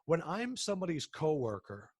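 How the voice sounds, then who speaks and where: Chatty man telling animated stories. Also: on the high side, normal speed, breathy edge, no echo, studio quality. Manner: animated, acts out quoted people, frequent restarts. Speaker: sports broadcaster, interview guest. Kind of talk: casual interview storytelling.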